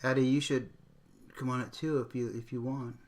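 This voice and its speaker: A man's voice: mid-range voice, flat delivery, fairly quick. A middle-aged man hosting a casual livestream, chatting earnestly and showing makeup steps as he talks. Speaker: livestream host.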